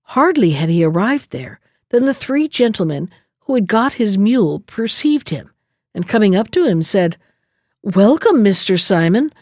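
A woman narrating a fairy tale in an expressive read-aloud style. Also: mid-range voice, normal speed, dry recording, studio quality. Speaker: storyteller. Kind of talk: storybook narration.

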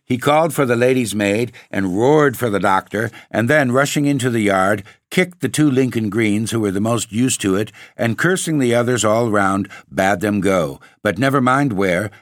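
A man narrating a classic story for a podcast, in a measured, wry storytelling manner. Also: fairly low pitch, no room sound, studio quality. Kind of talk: scripted ghost-story reading.

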